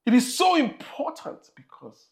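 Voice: high-pitched, wildly swooping pitch, unhurried. A preacher with a Nigerian accent delivering an emphatic sermon and repeating phrases for emphasis.

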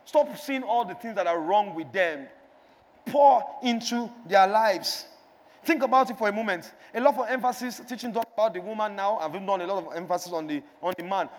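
High-voiced preacher in a reverberant hall. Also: male voice. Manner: call-and-response exhortation, rising to shouts. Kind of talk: sermon. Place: large church hall. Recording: long church hall reverb.

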